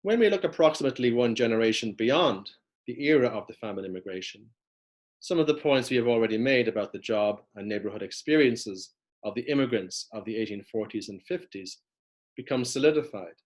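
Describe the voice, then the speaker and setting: A man's voice: mid-range voice, expressive. A man giving a prepared lecture, reading steadily from notes as he walks through maps. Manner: measured, reads from notes with map references.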